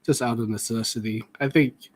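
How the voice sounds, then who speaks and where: A man hosting a casual art podcast, chatty and quick to laugh, often trailing off mid-sentence. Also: medium pitch, fairly even intonation, slightly rough. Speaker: podcast host. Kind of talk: casual chat.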